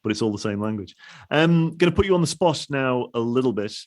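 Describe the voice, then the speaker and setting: A man's voice: medium pitch, lively intonation, fairly quick, a little mellow. A man hosting an interview, talking casually with many restarts and laughs. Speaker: podcast host.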